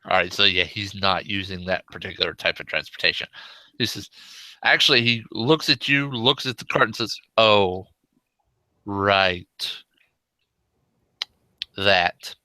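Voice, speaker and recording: A man narrating a tabletop game as game master, in a relaxed, meandering descriptive way. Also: fairly low pitch, brisk, dry recording.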